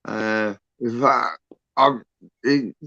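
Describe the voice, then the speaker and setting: A man's voice: mid-range voice, fairly even intonation, very slow, vocal fry, pushed and bright, no echo, muffled recording. A man chatting on a livestream as a guest, rambling with fillers and self-corrections. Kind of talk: casual chat.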